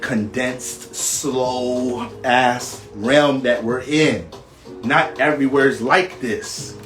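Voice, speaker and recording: A man hosting an astrology livestream, talking casually, full of swearing and slang, with his pitch swinging up and down as he talks. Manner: profane, streetwise, animated, jumps up and down in pitch. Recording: echoey room with faint music.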